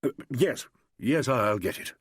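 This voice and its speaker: A man reading an audiobook, voicing an anxious young man who speaks low and hushed. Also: animated, measured pace, slightly rough, dry recording, clean studio sound.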